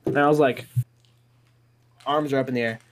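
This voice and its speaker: A man's voice: medium pitch, fairly even intonation, normal speed. A young man telling a rambling, profane story in casual chat.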